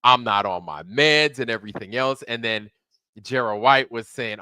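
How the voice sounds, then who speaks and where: Slangy man with a bright, forceful voice. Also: mid-range voice, normal speed, clean tone, no echo, clean studio sound. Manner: loose and slangy, shouting out viewers by name. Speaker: livestream host. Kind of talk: casual livestream chat.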